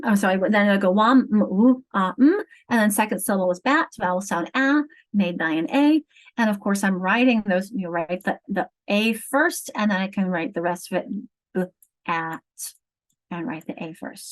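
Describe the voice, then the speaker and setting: Woman literacy trainer, higher voice, patient explainer on a video call. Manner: explanatory, sounds out syllables slowly. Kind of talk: online teacher training.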